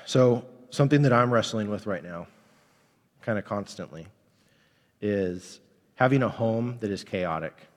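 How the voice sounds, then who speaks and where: A man's voice: fairly low pitch, expressive, unhurried, long pauses, big-room sound. A man in his thirties, a pastor, preaching a candid, conversational sermon.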